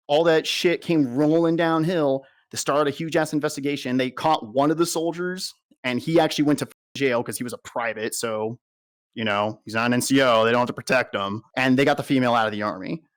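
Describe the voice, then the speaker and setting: A young adult man, a soldier, giving a blunt and heavily profane personal account in an interview. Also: a little high.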